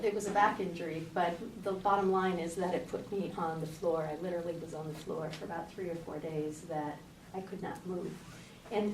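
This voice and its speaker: A middle-aged woman, a fitness coach, giving a lively motivational talk to an audience and telling her own story. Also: lowish voice, a little hiss or hum. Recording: roomy, distant audience-talk recording.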